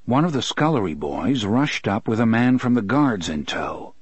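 A man's voice: medium pitch, sing-song, moderate pace, husky, no echo. A man narrating a story in scripted audiobook style, shifting his voice for characters.

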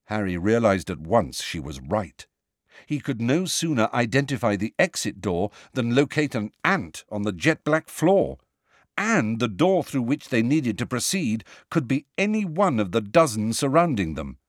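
Lively, expressive male audiobook narrator. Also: mid-range voice, moderate pace, dry recording, studio quality.

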